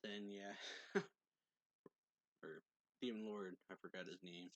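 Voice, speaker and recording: A man's voice: low voice, fairly even intonation, slow pace, dry recording, low-quality recording. A man casually recapping a manga chapter as reviewer, rambling with many fillers. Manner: rambling, filler-heavy retelling.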